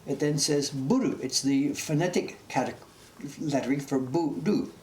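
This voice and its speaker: A man's voice: fairly high pitch, unhurried, darkish tone. Chatty Canadian man in his sixties. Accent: Canadian with faint English traces. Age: 60s. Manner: chatty, enthusiastic, easily amused. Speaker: printmaker streaming his workshop. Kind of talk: casual live-stream chat. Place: print workshop, indoors. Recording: echoey room with background noise.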